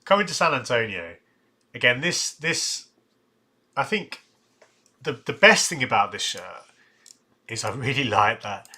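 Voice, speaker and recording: Bright-voiced man musing on a stream. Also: medium pitch. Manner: chatty, thinking aloud with restarts and asides. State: tired, yawning. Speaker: live-stream host ranking football shirts. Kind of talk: casual live-stream commentary.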